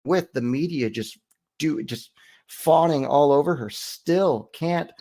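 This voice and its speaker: A man hosts a political talk show in a casual, sardonic way, steering his guest with leading questions. His voice sits fairly high for a man. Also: slow pace, warm tone.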